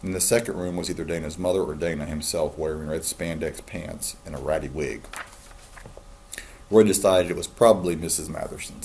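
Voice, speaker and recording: A man, a teacher, calmly reading a novel aloud to his students. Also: deep voice, vocal fry, slight background noise. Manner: calm, steady storytelling.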